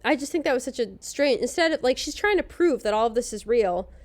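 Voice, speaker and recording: A podcast co-host recaps a TV episode with sarcastic, snarky jokes. Her voice is a little high, with lively intonation and a brisk delivery.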